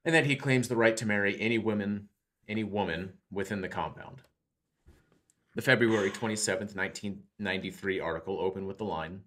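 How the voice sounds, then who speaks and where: Deep-voiced man reading true crime notes. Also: fairly bright tone. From United States. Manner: reads notes quickly, stumbles and restarts lines. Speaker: podcast co-host. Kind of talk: casual true crime podcast chat.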